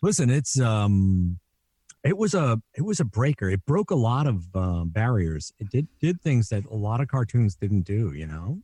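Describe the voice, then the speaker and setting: A middle-aged Canadian voice actor with a low, warm tone talks through his career stories in a relaxed interview. He is lively and keeps breaking into quick impressions of people he worked with. The sound is close and dry, with no room around it. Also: husky, no echo. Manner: animated, jumps into quoted voices. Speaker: voice actor guest. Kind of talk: casual interview storytelling.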